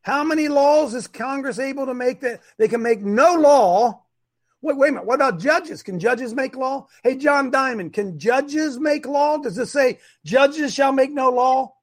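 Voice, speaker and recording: With a very high, animated voice at normal speed, a middle-aged man preaches emphatically on his live online show. It's a fiery preacher-style stream where he keeps repeating his points.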